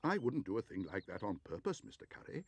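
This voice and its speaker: A man's voice: on the low side, big pitch swings, quick pace. Paddington, a man voicing the polite young bear. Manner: polite and earnest.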